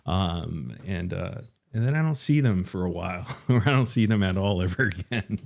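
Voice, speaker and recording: Man, very low mellow voice, laid-back interviewer, halting delivery. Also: creaky. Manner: relaxed and hesitant, many fillers. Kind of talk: casual live-stream chat.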